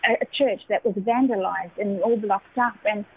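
A woman, a radio guest giving an emotional personal testimony, halting and full of fillers. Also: mid-range voice, husky. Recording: phone-line audio.

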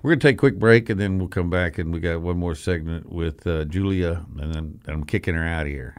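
An older man with a very low voice hosts a radio talk show from the studio. He rambles through folksy stories with jokey asides, relaxed and conversational. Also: a little fast, clean tone. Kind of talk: casual studio chat.

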